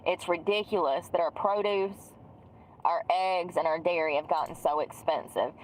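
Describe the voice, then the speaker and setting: A woman's voice: on the low side, moderate pace, slight background noise, poor audio. A woman vlogging from inside a vehicle, ranting in a sarcastic, profane way. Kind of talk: ranting vlog.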